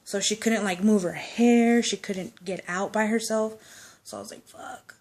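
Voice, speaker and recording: A woman's voice: medium pitch, steady tone, a little slow, a little mellow. A woman casually telling a personal anecdote, chatty and loose, with swearing and laughing asides. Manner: chatty storytelling, swears, laughs, acts out quotes.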